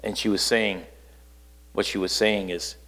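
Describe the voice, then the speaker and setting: A man's voice: steady tone, a little slow. Man preaching a storytelling sermon in a reverberant hall. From northern Wisconsin. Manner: storytelling, conversational, dropping low and quiet for emphasis.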